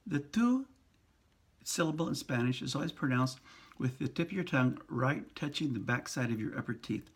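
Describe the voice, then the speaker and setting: A priest giving a casual pronunciation lesson, speaking slowly and patiently, repeating and sounding out syllables. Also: male voice, medium pitch, expressive, husky. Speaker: priest teaching Spanish pronunciation.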